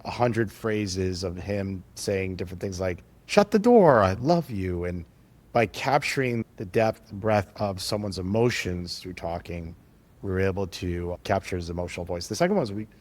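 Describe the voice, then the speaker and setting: A man, a tech entrepreneur, speaking as a podcast guest, telling stories with lively acted-out quotes and frequent restarts. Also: sits low, normal speed. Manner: animated, acts out quoted dialogue, frequent restarts. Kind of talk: conversational storytelling.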